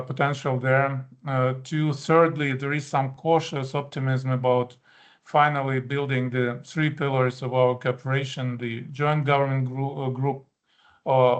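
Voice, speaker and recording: Halting, flat-voiced male ambassador. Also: mid-range voice. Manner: measured, frank, with frequent hesitations and restarts. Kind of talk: formal speech at a policy event.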